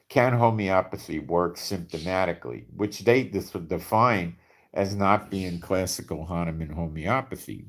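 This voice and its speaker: Blunt, skeptical deep-voiced man. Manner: blunt, skeptical, rhetorical questions; repeats for emphasis with frequent "okay?". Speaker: video commentator. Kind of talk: casual monologue to camera.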